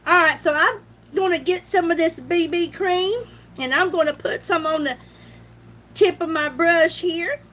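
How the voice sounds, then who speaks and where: Woman, middle-aged, high voice, chatty makeup live chat, laughs often, faint room hum. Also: a little slow, a bit bright. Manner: chatty, laughs often, greets viewers by name. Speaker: beauty livestream host.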